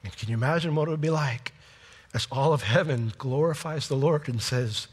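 A man preaching a sermon with passion, his voice swinging from loud peaks to hushed, quiet lines. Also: medium pitch, brisk, breathy edge. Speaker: pastor. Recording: long hall reverb.

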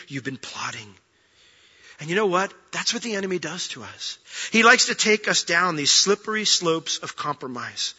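A male pastor delivers a sermon in a chatty, joking manner, acting out the story's quotes. His voice is high and very bright. The recording is dull and carries a long church-hall reverb. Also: husky. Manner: conversational, joking, acts out quotes.

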